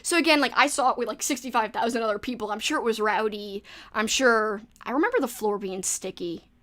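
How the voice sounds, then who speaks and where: Reading viewer comments on her casual livestream, a New Orleans woman chats away, rambling with quick asides in her local accent. She has a fairly bright, slightly high voice.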